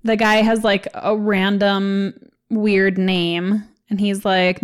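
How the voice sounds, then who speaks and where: A woman's voice: medium pitch, little pitch movement, slow pace. A woman co-hosting a podcast in casual chat, easygoing and teasing, laughing often. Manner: easygoing, giggly, playful teasing. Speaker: podcast co-host.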